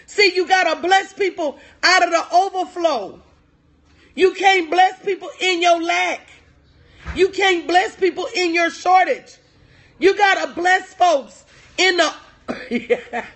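A middle-aged woman business coach, her voice very high and a bit bright, lectures livestream viewers in an emphatic, preachy style. She greets people by name and keeps repeating her central lines.

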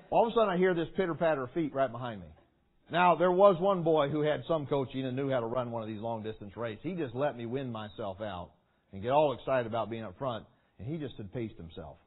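A man preaching a sermon to young people, telling a story with lively acting, shouts and sound effects. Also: mid-range voice, fairly quick, husky. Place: large meeting hall. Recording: tinny phone-like sound.

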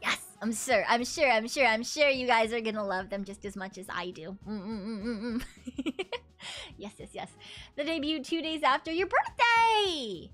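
Excitable woman streamer chatting with viewers. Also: a little high, normal speed, soft background music. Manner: excitable, chatty, swears casually, laughs often. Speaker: VTuber streamer. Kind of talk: casual livestream chat with viewers.

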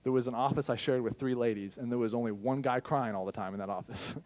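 A youthful pastor tells his own story in a church sermon, speaking honestly and occasionally booming without warning. He's a fast talker with a mid-range voice.

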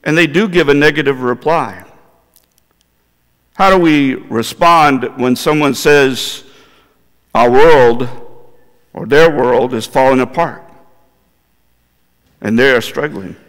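A man's voice: mid-range voice, slow pace, pauses often, fairly bright tone. A male pastor preaching a sermon in a church, in a conversational manner that puts questions to the congregation. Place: church sanctuary. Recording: long hall reverb in a church.

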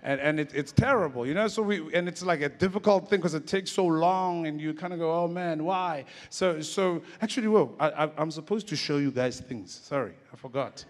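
A man's voice: on the high side, a little fast, hardly any pauses, in a large hall. A man in his forties, a comedian giving a rambling, casual storytelling talk on stage. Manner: casual, rambling, lots of restarts and "like".

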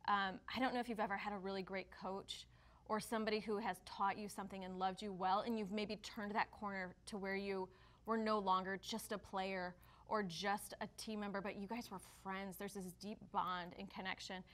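Woman, church co-host, casual devotional chat, reflective, mid-pitched, unpolished restarts. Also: little pitch movement, normal speed, a bit bright. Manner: reflective, with frequent fillers and restarts.

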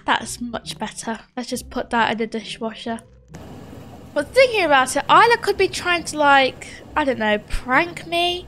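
A woman's voice: high voice, a bit bright. A young woman, narrating a game role-play in a chatty way, talking to viewers. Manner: chatty, talks to viewers as guys. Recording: faint background music.

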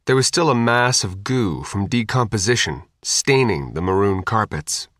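In a dry, studio-quality recording, a man narrates an audiobook from a script. His fairly low voice stays measured and even throughout.

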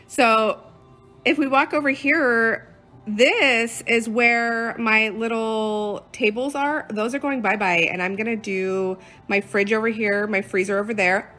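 A woman in her thirties, a lifestyle blogger talking casually into her phone while walking through her house. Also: a little high. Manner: chatty, bubbly, excitable. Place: house interior.

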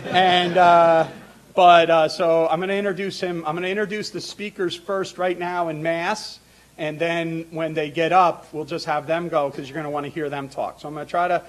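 A man's voice: a little high, steady tone, moderate pace. A middle-aged man introducing a panel in a lecture hall, talking informally with many fillers, restarts and asides. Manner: informal asides with light laughter.

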